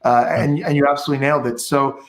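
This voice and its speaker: A man's voice: mid-range voice, little pitch movement, fast talker, reverberant. A man from Quebec with a Québécois accent, hosting a live stream in a chatty, upbeat way full of restarts. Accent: Québécois French. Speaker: host. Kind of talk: casual live-stream chat.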